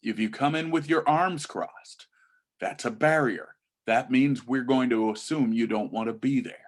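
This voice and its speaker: Man, middle-aged, admissions advisor, instructional talk, emphatic drawn-out stresses, mid-pitched voice. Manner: mimics bored and gushing teen voices.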